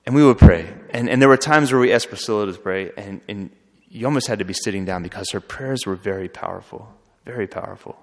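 A man who is a friar, telling a story in an earnest, halting way with frequent restarts. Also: fairly low pitch, expressive. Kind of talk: storytelling talk. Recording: long hall reverb.

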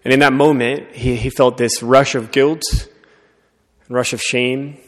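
A man preaching a sermon, telling a story in an earnest, conversational way and often dropping to a soft voice. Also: medium pitch, flat delivery, unhurried. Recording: long reverb of a large hall.

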